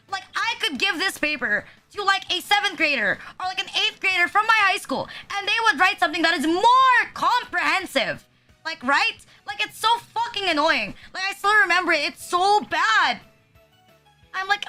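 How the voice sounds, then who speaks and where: Very high bright streamer ranting. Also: female voice, expressive, moderate pace. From Philippines. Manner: ranting, heavy use of "like", profane. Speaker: VTuber streamer. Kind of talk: casual chat. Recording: music playing behind.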